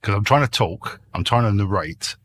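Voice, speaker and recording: A man's voice: lowish voice, animated, normal speed, a bit bright. A man guest on a casual podcast, chatty and jokey, breathing a little heavily into a noise-cancelled mic. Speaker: guest YouTuber. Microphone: headset mic with noise cancelling.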